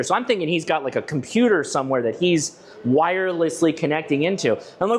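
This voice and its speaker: A man's voice: on the high side, expressive, brisk, few pauses. A man from Southern California giving a conversational presentation at a club, telling stories with frequent restarts and asides to the audience. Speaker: ham radio channel presenter giving a club talk. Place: club meeting room with a live audience.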